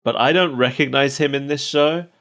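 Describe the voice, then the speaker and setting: A man's voice: medium pitch, normal speed, a bit bright. A man co-hosting a podcast, chatting casually and laughing often between wry asides. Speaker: podcast co-host. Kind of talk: casual chat.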